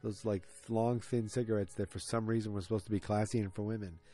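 A man's voice: on the low side, flat delivery, fast talker, warm tone, soft background music. A man hosting a podcast, recapping an episode in a casual, rambling way with jokes and asides. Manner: rambling, jokey, self-interrupting. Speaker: podcast host.

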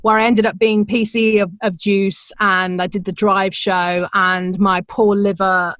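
A middle-aged woman, a radio presenter, telling her career story in a chatty, animated way, laughing often and acting out the voices she quotes. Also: mid-range voice, unhurried, no echo, studio quality. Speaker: podcast guest, radio presenter. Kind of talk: conversational storytelling.

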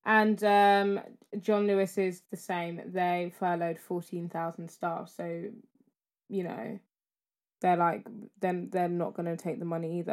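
A woman's voice: lowish voice, little pitch movement, unhurried, a little mellow. A young woman, co-hosting a podcast in casual chat, enthusiastic and slangy. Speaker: podcast co-host.

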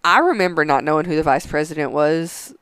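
A man's voice: on the high side, brisk, a bit bright, clean tone, dry recording, studio quality. A man in his thirties, a podcast co-host chatting casually with lots of fillers and the odd swear word. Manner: loose and profane, lots of "like" fillers. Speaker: podcast co-host, Air Force veteran. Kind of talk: casual chat.

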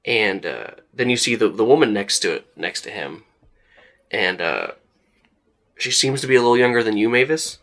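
A young man with a fairly low voice acts as game master for a tabletop role-playing session, describing scenes casually and conversationally. He speaks at a moderate pace, padding his sentences with plenty of "like" and "uh."

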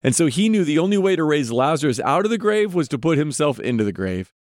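A podcast host with a mid-range male voice delivers sincere devotional Bible teaching, frequently addressing the listener with direct questions. The recording is dry and close-miked, with no sense of a surrounding room.

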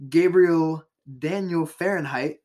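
A woman co-hosting a casual podcast. She reads history dates in a flat list voice and breaks off to swear and laugh. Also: sits low, slow. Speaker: podcast co-host. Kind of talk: casual podcast chat reading history facts.

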